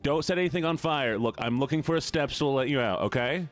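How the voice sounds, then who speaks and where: A fast-talking man live-streams with faint music behind him, casually chatting with and teasing his viewers in a playful way. He squeals high when he pretends to be upset.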